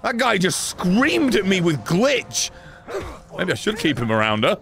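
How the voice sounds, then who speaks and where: A man streams a game and talks over it in a loud, sarcastic, sweary way, yelling at the enemies. His voice sits high and leaps all over the place in pitch. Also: wildly swooping pitch, measured pace, over music. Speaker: gaming streamer. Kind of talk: gameplay commentary.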